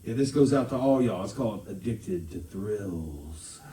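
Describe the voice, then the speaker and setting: A man's voice: on the low side, lively intonation, unhurried. A man telling a rambling, profane, exaggerated story live on stage between songs. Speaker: comedic storyteller and musician. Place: live music venue. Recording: echoey live room from far off, guitar.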